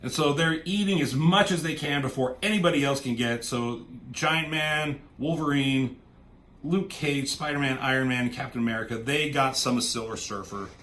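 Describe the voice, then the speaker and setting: A man casually recapping a comic book, swearing freely and popping into quick voices for the characters. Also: mid-range voice, a bit bright. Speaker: comic reviewer.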